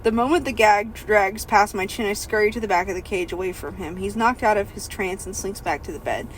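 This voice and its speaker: A woman's voice: medium pitch, brisk, slight background noise, low-quality recording. A woman hosting a comedy podcast, reading a novel aloud in first person and breaking off with jokes. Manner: reads in first person, breaks into laughter and asides.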